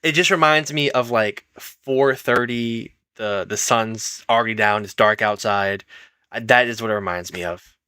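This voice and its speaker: A young man co-hosting a sports podcast, talking in a relaxed, conversational way. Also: fairly low pitch, moderate pace, clean tone, no room sound. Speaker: podcast co-host. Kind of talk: casual sports podcast chat.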